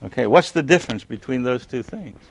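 A man teaching a Bible class who questions his listeners, answers himself, and swings between loud emphasis and hushed tones. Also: medium pitch, expressive, a little fast, creaky, husky.

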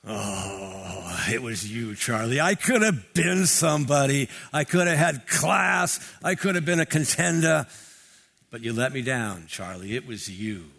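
A man imitating a mournful, washed-up boxer from an old film, swelling loud and then fading. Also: medium pitch, expressive, measured pace, vocal fry, slightly rough, exaggerated voice. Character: impression of a film's bitter male ex-boxer.

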